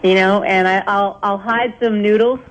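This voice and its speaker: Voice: medium pitch, fairly even intonation, normal speed, muffled recording. A caller in a comedy phone bit, brash and teasing, pushing an over-the-top flirting act.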